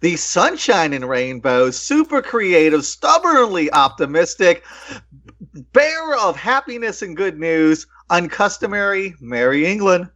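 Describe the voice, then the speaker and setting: Dude hosting a podcast, goofy showy intros, kinda high voice. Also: male voice, sing-song, unhurried, fairly bright tone. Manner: jokey, hammy introductions. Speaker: podcast host.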